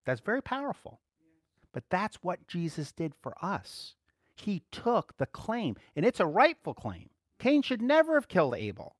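A man preaching in a loose, conversational way, acting out the lines he quotes. His voice sits a little high and swings widely up and down. The sound is close and dry. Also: wildly swooping pitch, moderate pace, dry recording. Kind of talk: casual sermon.

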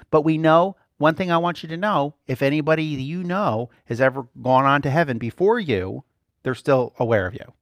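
A man preaching a sermon in an animated, playful way, often laughing between points. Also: on the high side, no echo, clean studio sound.

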